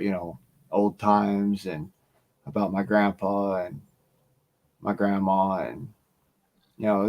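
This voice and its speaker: A man telling a profane, animated bar story on his stream. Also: deep voice, creaky. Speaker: stream host. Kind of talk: casual storytelling.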